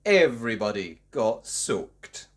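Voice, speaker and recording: A man reading a picture book aloud to young children. His mid-pitched voice moves slowly and stays highly animated, dipping and rising freely through each sentence. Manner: slow, expressive storytelling. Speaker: storybook reader.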